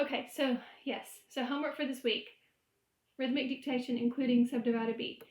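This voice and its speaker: A woman's voice: high voice, steady tone, fairly quick, a little mellow, a little hiss or hum. A woman music teacher giving a recorded lecture, explaining rhythm step by step and chanting the syllables. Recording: echoey room.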